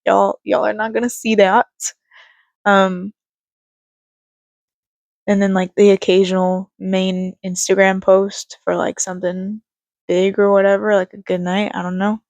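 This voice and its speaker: A woman's voice: mid-range voice, level tone, normal speed, a little mellow, no echo. A young woman talking casually to camera about life and faith, rambling with fillers and laughs, and a bit congested. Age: young adult. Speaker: vlogger. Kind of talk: casual reflective talk to camera.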